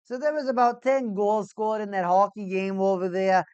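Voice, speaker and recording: A woman hosts a hockey watch-party stream and chats casually with her viewers. She rambles, jokes and circles back over the same points. Her mid-pitched voice sounds dry and close, with no room echo. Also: fairly even intonation, normal speed, a little mellow, clear, resonant tone, lo-fi sound. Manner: rambling, jokey, repeats herself. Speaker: livestream host.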